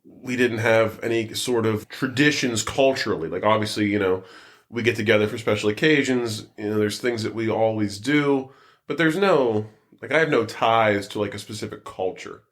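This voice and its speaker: A man's voice: fairly low pitch, moderate pace. A man co-hosting a podcast in casual chat, easygoing and self-deprecating, laughing often. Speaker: podcast co-host. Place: basement.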